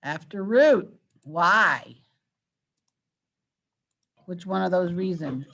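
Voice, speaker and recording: A woman's voice: on the low side, expressive, extremely slow, vocal fry, fairly bright tone. A woman teacher leading an online grammar lesson, patiently quizzing her students and walking them through each answer. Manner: patient, coaxing questions to students.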